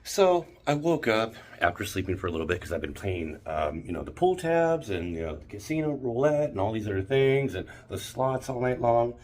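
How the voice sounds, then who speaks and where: A man telling an indignant, animated story in a ranting vlog, filmed on a handheld phone in a hotel room. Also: medium pitch, normal speed, hardly any pauses. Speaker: vlogger.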